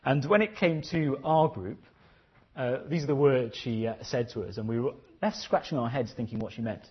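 A man's voice: mid-range voice, moderate pace, husky, lo-fi sound. A man preaching a sermon, earnest and questioning, often repeating his phrases.

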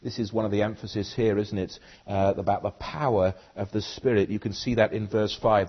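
A man's voice: on the low side, fairly even intonation, brisk, few pauses, husky, highs cut off. A man preaching a sermon, speaking earnestly and putting direct questions to the congregation.

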